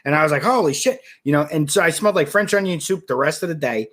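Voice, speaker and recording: A man co-hosting a podcast, telling animated, profane stories and laughing often. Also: fairly high pitch, very fast. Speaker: podcast co-host. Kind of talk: casual chat.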